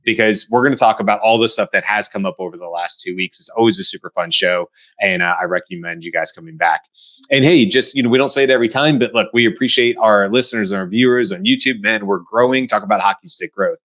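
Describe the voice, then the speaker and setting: A middle-aged man from the United States speaks with a low voice as a show co-host. His talk is casual and animated, full of restarts and acted-out bits of dialogue. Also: fast talker. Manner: animated, acts out quoted voices. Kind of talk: casual panel discussion.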